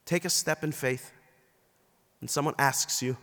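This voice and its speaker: Male bishop, mid-pitched, giving a story-driven sermon in a church with a long reverb. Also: a little slow, bright, forceful tone. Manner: storytelling, acting out quoted people. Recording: long reverb of a large hall.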